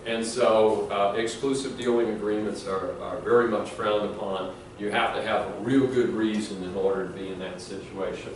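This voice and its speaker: Middle-aged man, law professor, rambling lecture, lowish voice, echoey classroom recorded from afar. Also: steady tone, normal speed, few pauses, far from the mic, a little hiss or hum. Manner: conversational, anecdotal, frequent fillers and restarts. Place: large classroom.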